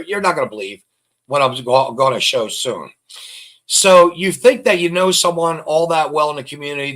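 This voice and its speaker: Host, man, bright tense voice, slightly high, rambling scornful commentary. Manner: rambling, repeats phrases, scornful. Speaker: online show host. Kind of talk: casual commentary reading out records.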